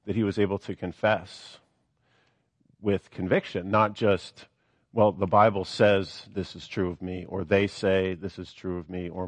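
A man's voice: low-pitched, dry recording. A man preaching a sermon, reading scripture aloud and then explaining it with earnest, rising emphasis.

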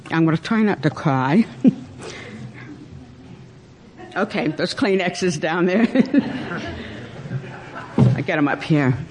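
A woman shares her testimony slowly, pausing often and trying not to cry. Her voice carries a long reverb from a large hall. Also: fairly low pitch, expressive, darkish tone. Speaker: church member giving testimony. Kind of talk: personal testimony. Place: church hall.

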